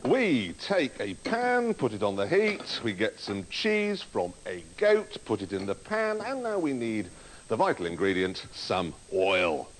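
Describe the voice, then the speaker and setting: A man's voice: on the low side, very animated, unhurried, low-quality recording. A man hosting a comedy show, delivering a wry, mocking comic monologue to camera. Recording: loud background noise.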